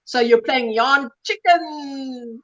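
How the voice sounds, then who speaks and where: A woman's voice: high-pitched, slow pace, dull audio, noisy background. A woman hosting a casual livestream chat, reading viewer comments aloud and reacting with exclamations. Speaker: livestream host.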